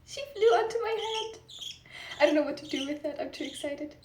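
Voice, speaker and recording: A woman's voice: high-pitched, lively intonation, a little fast. A woman on a casual pet vlog, talking in cooing baby talk to her bird. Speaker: vlogger. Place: home with pet birds. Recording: echoey room, mic at a distance, loud noise. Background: budgie chirps.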